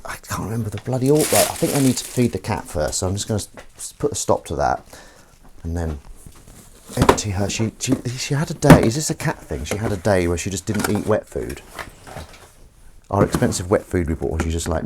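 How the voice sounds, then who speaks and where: Low-voiced man rambling on a live stream. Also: animated, a little fast, heavy background noise. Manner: rambling, self-interrupting, casually sweary. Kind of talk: casual live-stream chat. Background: faint running water and sink sounds.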